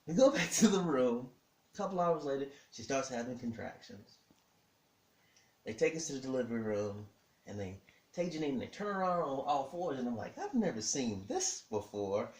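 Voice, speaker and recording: A man telling a personal story in a lively way, acting out what each person said. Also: mid-range voice, normal speed, recorded from a distance. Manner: animated, acts out the dialogue of everyone in the story. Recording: echoey room.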